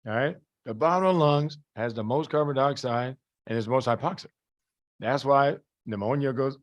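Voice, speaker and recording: A man teaching a live class, often asking rhetorical questions and checking that everyone understands, with folksy, colloquial phrasing. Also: mid-range voice. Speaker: medical lecturer.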